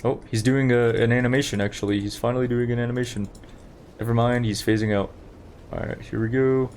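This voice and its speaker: Streaming a game, this young man talks chattily to his audience and rambles as he plays. His medium-pitched voice is brisk, steady and darkish in tone, with slight background noise.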